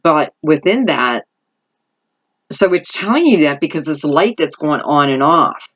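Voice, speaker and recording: A woman's voice: low-pitched, expressive, measured pace, muffled recording. A middle-aged woman giving an intuitive tarot reading, rambling and thinking aloud as she goes. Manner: rambling, thinking aloud, lots of "I feel like" asides. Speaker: tarot reader.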